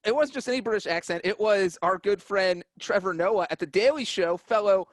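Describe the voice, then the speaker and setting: A man's voice: sits high, fairly quick, dry recording. A man co-hosting a football podcast, defending himself with wry asides in casual chat. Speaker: podcast co-host.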